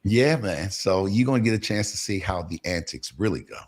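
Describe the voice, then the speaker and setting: A man's voice: low-pitched, fairly quick. A man hosting a casual morning show over a video call, bantering and teasing in a folksy, playful way. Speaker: host.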